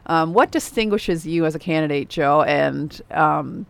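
A man hosts a local radio interview with a political candidate. His voice is somewhat high and smooth, with a clear resonance. He talks in a conversational, folksy manner. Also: unhurried, fairly bright tone, dry recording.

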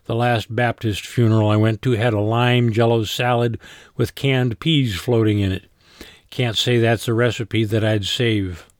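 A man voicing a raspy, laid-back male polka band front man in an audiobook. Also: medium pitch, fairly even intonation, unhurried, no echo, studio quality, lightly acted. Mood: wry. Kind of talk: audiobook character voice.

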